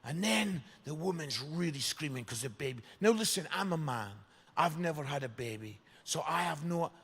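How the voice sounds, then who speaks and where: A Scottish man with a high, slightly husky voice tells funny stories to a live church crowd. He keeps checking in with the audience and breaks into sudden shouts. His voice rings out in an echoey hall. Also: normal speed. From Scotland. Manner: chatty, keeps asking "yeah?" for agreement; animated, jumps into loud shouts. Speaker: guest speaker at a church service. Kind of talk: comic storytelling to a live audience.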